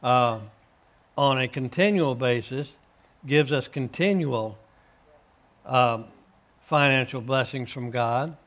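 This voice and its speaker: A man with a middle-pitched voice tells his faith testimony in earnest. His speech is halting, full of uh fillers and restarts, as he answers the host's questions. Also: a bit bright. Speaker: guest, author and minister.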